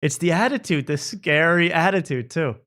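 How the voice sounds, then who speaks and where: A man's voice: on the high side, expressive, normal speed, fairly bright tone. A man hosting a late-night show, chatting casually and joking about clips, often laughing. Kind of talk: casual chat reacting to clips.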